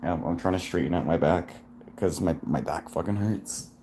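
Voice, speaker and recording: Low-voiced sick man groaning through a vlog. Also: warm tone, slight background noise. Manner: groaning, swearing, halting restarts. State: sick and fatigued. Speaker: vlogger. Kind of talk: rambling self-recorded vlog. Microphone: self-recording camera.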